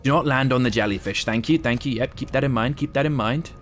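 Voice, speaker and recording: A man's voice: mid-range voice, quick pace, a bit bright, soft background music. A man from Southwest England with an English accent that has American influences. He gives casual, chatty live gameplay commentary and swears freely. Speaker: streamer.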